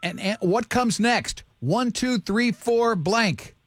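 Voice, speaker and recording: A man's voice: sits high, expressive, a bit bright, dry recording. A man hosting a radio quiz segment, chatting and teasing casually with co-hosts and a caller. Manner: chatty, teasing, quick asides. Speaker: radio show host.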